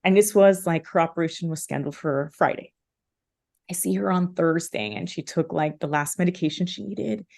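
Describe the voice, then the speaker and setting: A woman in her thirties speaks as a podcast guest, her voice sitting a little low. She tells a personal story with heartfelt emotion, circling back with fillers and restarts as she goes. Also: moderate pace, gravelly, a little mellow.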